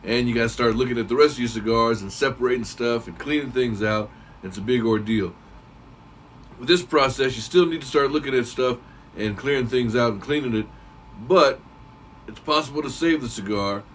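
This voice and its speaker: A man giving a casual, rambling how-to talk as a cigar reviewer, clearing his throat now and then. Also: mid-range voice, brisk, recorded from a distance, a little hiss or hum, low-quality recording.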